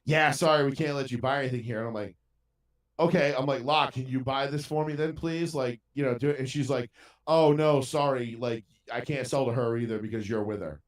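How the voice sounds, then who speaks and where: A man's voice: mid-range voice, brisk. Profane man, roomy and distant. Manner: profane, animated ranting storyteller. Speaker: podcast co-host. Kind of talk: casual storytelling chat. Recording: roomy sound from a distant mic.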